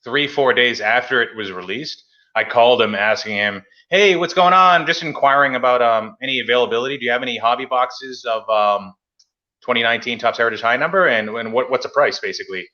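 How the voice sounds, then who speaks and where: A medium-pitched, sharp-toned man from Massachusetts runs a casual hobby podcast at a brisk pace. Storytelling is his thing, complete with acted-out phone calls, while the recording loses its high frequencies.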